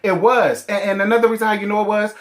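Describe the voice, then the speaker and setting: A man in his thirties with a sassy, animated manner and heavy slang, reviewing a reality show in casual chat. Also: sits high, fast talker.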